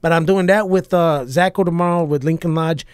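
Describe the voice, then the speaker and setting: A middle-aged man, a comedian guest, telling stories in a profane, animated, punchy way. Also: on the high side, brisk, smooth, dry recording. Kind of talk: casual storytelling chat.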